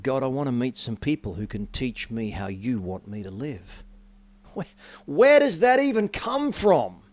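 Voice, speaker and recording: A middle-aged man giving a sermon testimony, telling his story with dramatic rises and drops in pitch and volume. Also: no room sound. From Australia. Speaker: preacher.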